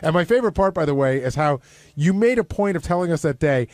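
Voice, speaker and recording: A man's voice: a little high, lively intonation, darkish tone, no echo. A man in casual studio banter, needling and arguing his point. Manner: needling, argumentative, fast.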